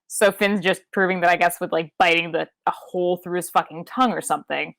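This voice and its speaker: A woman co-hosting a podcast, recapping a wrestling show in casual chat, swearing freely and leaping into high-pitched impressions. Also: fast talker, gravelly, few pauses, no room sound. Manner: animated, profane, jumps into high-pitched impressions. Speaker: podcast co-host.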